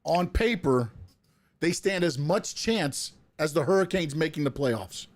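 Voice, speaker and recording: A man's voice: fairly high pitch, lively intonation, measured pace. A man co-hosting a casual sports podcast, rambling with lots of restarts and fillers. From South Florida. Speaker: podcast co-host.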